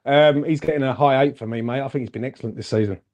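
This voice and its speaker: A man co-hosting a casual football fan chat, animated and chatty, calling everyone "mate". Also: medium pitch, fast talker. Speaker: fan channel co-host.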